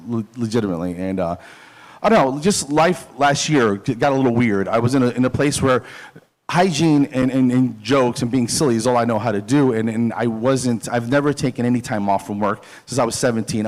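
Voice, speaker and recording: Self-mocking middle-aged joking man. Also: medium pitch. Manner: self-deprecating, jokey, halting with fillers and laughs. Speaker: dental hygienist doing stand-up. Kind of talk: stand-up comedy set.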